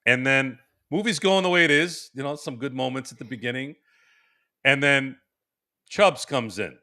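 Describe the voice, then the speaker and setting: Bright-voiced man telling a funny story. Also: medium pitch, moderate pace. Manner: animated, laughing storyteller with many restarts. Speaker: podcast host. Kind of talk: casual storytelling. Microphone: remote stream microphone.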